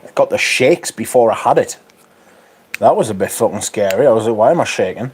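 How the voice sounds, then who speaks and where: A man's voice: fairly low pitch, expressive, a little fast, a little hiss or hum. Northern English man chatting on a livestream. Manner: chatty, reading out viewer comments with dry banter. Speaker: livestream host. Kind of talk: casual livestream chat.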